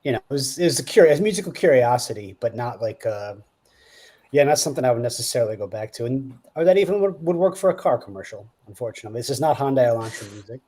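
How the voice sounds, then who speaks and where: A man's voice: medium pitch, lively intonation, fast, mellow, husky. A man co-hosting a music reaction stream, laid-back and rambling in casual chat. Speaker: co-host reviewing listener tracks.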